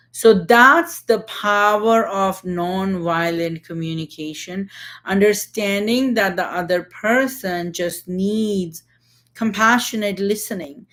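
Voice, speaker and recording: A woman's voice: mid-range voice, a bit bright. A young adult woman reading passages from a book and explaining them, often checking in with tag questions. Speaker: book discussion host.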